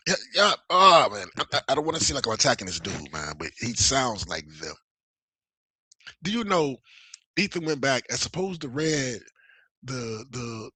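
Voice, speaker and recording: Brief: fired-up male livestream host, bright and husky, swearing a lot. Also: fairly high pitch, dry recording. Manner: heated, profane, animated. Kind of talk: casual livestream rant.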